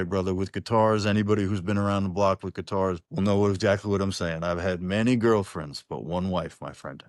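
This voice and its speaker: Low-voiced man telling rambling stories. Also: no echo, studio quality. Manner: rambling, many restarts, calls the host "brother". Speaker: singer-songwriter guest. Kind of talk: casual online interview. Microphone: video call.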